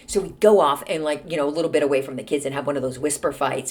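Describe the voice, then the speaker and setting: A woman in her forties hosting a podcast, telling a story in a snarky, animated way. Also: low voice, fast talker, slight background noise. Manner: snarky, animated, acts out quoted voices. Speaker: podcast host. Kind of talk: casual storytelling monologue.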